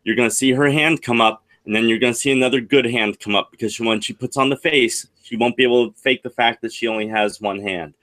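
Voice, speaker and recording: A man's voice: medium pitch, fairly even intonation, fast, few pauses, fairly bright tone. A man, a chat moderator on a livestream, confidently explaining a theory at length.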